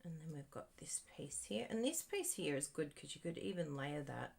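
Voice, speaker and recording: A woman's voice: low voice, animated, normal speed, creaky, a little mellow. A woman demonstrating card-making live, chatting and thinking aloud as she works and talking straight to her viewers. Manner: talks to viewers directly. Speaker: crafting demonstrator.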